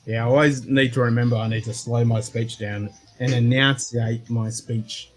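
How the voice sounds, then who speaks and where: An Australian man hosting a whisky livestream, talking fast with slurred, sweary banter. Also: mid-range voice, steady tone, low-quality recording. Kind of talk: casual livestream chat.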